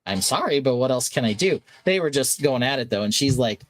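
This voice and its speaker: A man's voice: mid-range voice, fairly quick, hardly any pauses, no room sound. A man co-hosting a casual podcast, telling a vacation story and acting out the quotes. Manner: animated, acts out quotes. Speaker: podcast co-host.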